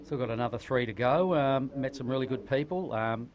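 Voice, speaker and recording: A man's voice: mid-range voice, brisk, muffled recording. A man commentating live surfing with laid-back banter and local slang. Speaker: surf commentator.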